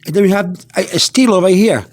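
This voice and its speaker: A man teaching an informal vocabulary lesson, going slowly over each word, spelling words out letter by letter and wandering into asides. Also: high-pitched, no room sound. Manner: meandering, with many restarts and fillers. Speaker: Spanish teacher.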